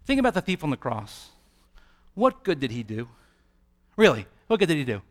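A man preaching a sermon, rising to loud peaks and dropping to quiet, hushed lines, sometimes acting out the voices he quotes. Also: on the high side, big pitch swings, normal speed. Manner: dramatic swings from soft to loud.

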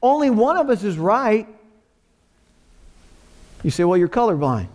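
A man's voice: sits high, very animated, a little slow, darkish tone. A man preaching a sermon in a church, earnest and repeating phrases for emphasis. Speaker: pastor.

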